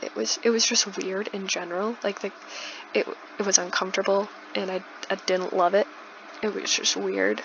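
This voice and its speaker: A woman's voice: medium pitch, little pitch movement, normal speed, a bit bright. A young woman in her twenties telling a casual storytime while doing a building game, chatty with lots of likes and restarts. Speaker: YouTuber. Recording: dull lo-fi, faint noise.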